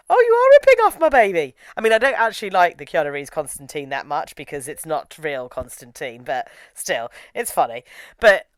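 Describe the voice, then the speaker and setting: A woman's voice: low voice, fairly bright tone, clear, resonant tone, no echo. A woman chatting casually about a film she reviews, giggling and slipping into mocking impressions. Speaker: podcast co-host reviewing a film. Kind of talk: casual chat.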